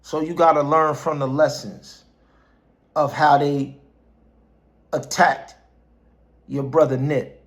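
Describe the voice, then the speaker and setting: A man's voice: fairly high pitch, steady tone, takes it slowly, long pauses, highs cut off. A man giving an impassioned street speech, quoting scripture and hammering phrases over and over like a preacher. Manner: preacher-like, repeats phrases for emphasis; quotes scripture.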